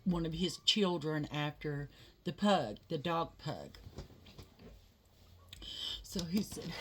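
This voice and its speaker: A woman's voice: low-pitched, animated, slow pace, long pauses, a bit bright, slight background noise. A woman telling a rambling family story in casual chat while doing her makeup, full of fillers. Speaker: vlogger, mother.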